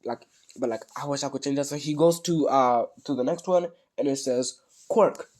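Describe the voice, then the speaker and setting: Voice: mid-range voice, brisk, a little mellow. A speaker with a cold rambling through a casual fan story, self-correcting often. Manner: rambling, many fillers and restarts. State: sick with a cold.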